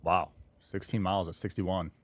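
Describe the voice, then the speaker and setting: A man's voice: low voice, fairly even intonation, moderate pace. A male podcast host giving brief, enthusiastic reactions and questions. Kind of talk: casual interview.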